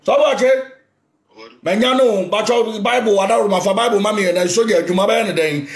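A man with a Ghanaian accent preaching in a loud, fiery rant, often shouting. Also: high-pitched, brisk. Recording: echoey room, faint noise.

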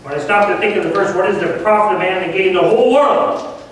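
A man's voice: high-pitched, fast, slight background noise. A man preaching an earnest, emphatic sermon as a guest preacher, recorded in a church from a distance. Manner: earnest, emphatic, grows fervent. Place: church sanctuary. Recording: very echoey church from far off.

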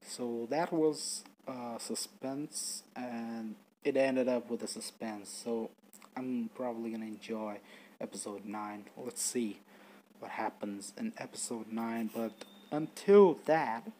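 Male let's-play host, casual and playful, swears freely, mid pitch. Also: slow pace, mellow, a little hiss or hum. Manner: informal, playful, swears casually, calls characters bitch. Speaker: gaming channel host. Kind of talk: casual let's-play commentary, reading a story game aloud.

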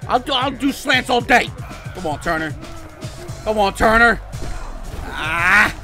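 A man doing excited gameplay commentary for his channel, swinging between muttered play-by-play and outbursts of shouting and cursing. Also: high-pitched, slow. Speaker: gaming channel host. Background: game music.

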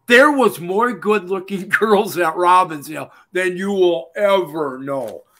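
A man, telling stories as a guest in a casual interview, folksy and animated, laughing often. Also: sits high, unhurried. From Minnesota. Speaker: guest, retired pro wrestler.

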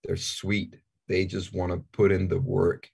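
A Danish-accented man in his forties talks in a low, gravelly voice with a husky edge. He chats casually and candidly in an interview, joking and stumbling over repeated words. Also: monotone, a little slow, darkish tone. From Denmark. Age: 40s. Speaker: actor, interview guest.

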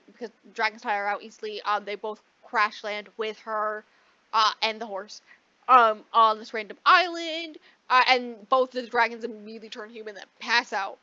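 A woman co-hosting a podcast, casually recapping a book in a rambling way, swearing freely and acting out the characters in quick asides. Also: a little high, pushed and bright, no room sound. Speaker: podcast co-host. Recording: dull lo-fi dry recording.

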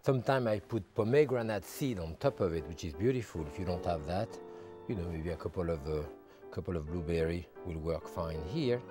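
Low-voiced man demonstrating a recipe. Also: a little fast. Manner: step-by-step instructional, with relaxed asides. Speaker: TV chef. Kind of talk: cooking demonstration. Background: background music.

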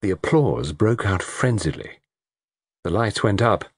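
Man narrating a mystery audiobook in a low voice. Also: a little slow, slightly rough, dry recording, studio quality. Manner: reads in low, lively voice, acting out dialogue. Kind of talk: scripted narration.

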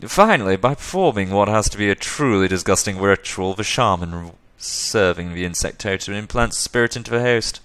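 A man's voice: fairly low pitch, lively intonation, a little fast, few pauses, a bit bright, clean tone, no room sound. A man voicing a flippant, condescending male elf who lectures at length with sarcasm. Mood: lecturing.

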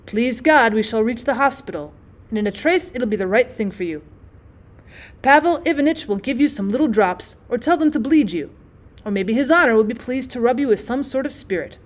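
A woman's voice: on the high side, expressive, fairly quick, lightly acted. A woman reading as a muttering old peasant man. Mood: coaxing. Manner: pleading, rambling, self-pitying. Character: anxious muttering old male peasant turner.

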